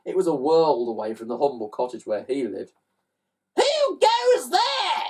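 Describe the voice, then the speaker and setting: A woman reading a children's story aloud in an animated way, throwing in sound effects. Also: extremely low pitch, fairly quick, breathy edge, recorded from a distance.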